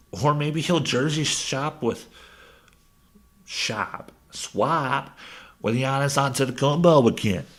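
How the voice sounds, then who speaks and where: A man hosting a solo sports show, rambling and animated as he reacts to league news and talks to himself. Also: mid-range voice. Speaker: sports podcast host.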